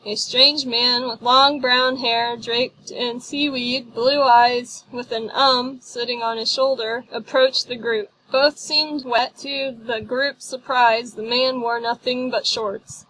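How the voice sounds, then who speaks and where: Slow, careful woman reading a storybook. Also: fairly high pitch, fairly even intonation, a bit bright, a little hiss or hum, poor audio. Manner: slow, careful reading with light character voices. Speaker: audiobook narrator.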